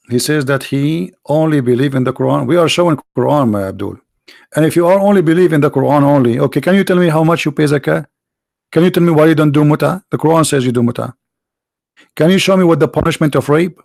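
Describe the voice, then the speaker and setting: Firing off sarcastic rhetorical questions, a preacher who also hosts videos gives a mocking commentary in a gravelly, creaky voice that is fairly high and darkish in tone. He sounds weary, and the close, dry recording has no echo.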